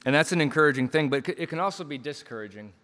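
A man preaching a sermon with passion, surging to loud emphasis and dropping to quiet lines, acting out quoted voices as he tells stories. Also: fairly high pitch, animated, racing, big-room sound. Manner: impassioned, swings between loud emphasis and quiet drops; acts out quoted lines in storytelling asides.

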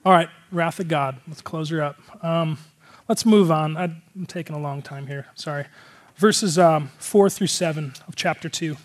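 A man's voice: a little high, a little slow. A male pastor giving a casual, conversational sermon, earnest and rambling, with a lot of filler words.

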